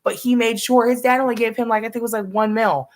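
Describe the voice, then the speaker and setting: A woman's voice: fairly high pitch, steady tone, quick pace. Rambling, foul-mouthed young woman on a live stream. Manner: rambling, swears often, restarts sentences. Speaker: streamer reacting to a video. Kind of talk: casual live reaction chat.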